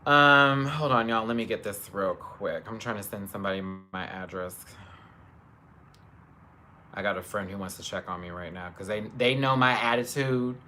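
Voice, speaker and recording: A man's voice: fairly low pitch, moderate pace, few pauses, pushed and bright, a little hiss or hum. A man telling a story on a live stream into a phone camera, emphatic and swearing as he retells it in detail. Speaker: livestreamer.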